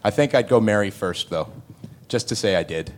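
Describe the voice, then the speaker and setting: A man, an actor answering fan questions on a panel, telling stories in a lively way, acting out other people's lines and laughing often. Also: normal speed, noisy background. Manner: animated, acts out other people's lines with loud jumps in pitch. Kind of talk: panel Q&A storytelling.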